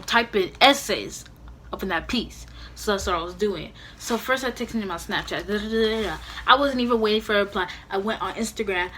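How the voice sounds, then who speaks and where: Young woman, storytime vlog, chatty, animated, home camera mic, faint hiss. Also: mid-range voice. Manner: animated, heavy use of "you know" and "like", acts out her own angry quotes. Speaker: vlogger.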